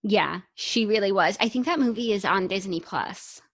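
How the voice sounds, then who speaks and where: A woman's voice: mid-range voice, moderate pace. A woman co-hosting a podcast in casual, upbeat chat, often saying "like". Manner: chatty and upbeat, uses "like" often. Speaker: podcast co-host.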